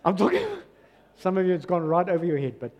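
A man with a South African accent preaching a sermon as pastor, swinging from loud exclamations to soft, low asides. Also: fast talker, long reverb tail. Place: church hall.

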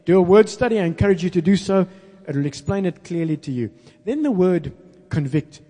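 A man preaching a sermon, stressing words slowly and calling on the congregation to repeat after him. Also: high voice, animated, mellow. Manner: call-and-response with congregation; emphatic, slows down to stress words. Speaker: pastor. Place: church hall. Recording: long reverb in a large hall.

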